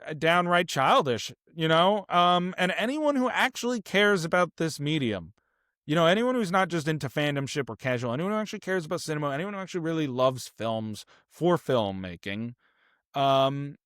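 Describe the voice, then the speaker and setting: A man's voice: fairly high pitch, animated, normal speed, fairly bright tone, clear, resonant tone, no room sound, clean studio sound. Earnest man ranting on a podcast. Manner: earnest, opinionated, many fillers and restarts. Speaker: podcast co-host. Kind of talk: casual film podcast chat.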